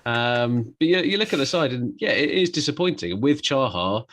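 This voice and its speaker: A man's voice: mid-range voice, big pitch swings, moderate pace, fairly bright tone, slight background noise. A man co-hosting a podcast, giving blunt opinions in casual chat, often restarting his words and laughing easily. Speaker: podcast co-host.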